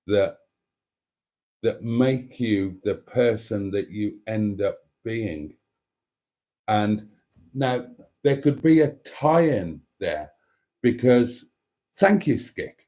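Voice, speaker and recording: A man's voice: mid-range voice, warm tone. A man hosting a live stream, chatting candidly and self-deprecatingly while reading viewer comments.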